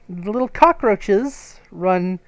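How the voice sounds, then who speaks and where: A man's voice: high voice, fairly bright tone, no echo. Chatty man streaming a story game. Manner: chatty and amused, reading choices aloud with fillers. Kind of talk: live gameplay commentary and reading.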